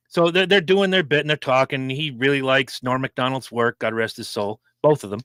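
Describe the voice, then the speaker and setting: Guy with a bright edgy voice cracking jokes on a podcast, dry mic. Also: medium pitch, a little fast, hardly any pauses, smooth, no room sound. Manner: blunt, jokey storyteller. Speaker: podcast co-host. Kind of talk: casual chat.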